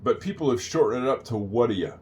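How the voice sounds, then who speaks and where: An older man giving a casual English lesson, chatting, repeating phrases slowly and wandering off on tangents. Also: mid-range voice, animated, darkish tone, lo-fi sound. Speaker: English teacher.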